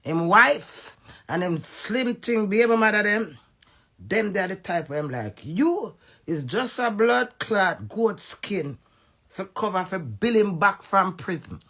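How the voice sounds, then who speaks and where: A Jamaican woman in an angry, profane social media rant, veering between loud outbursts and low muttering. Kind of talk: ranting social media live video.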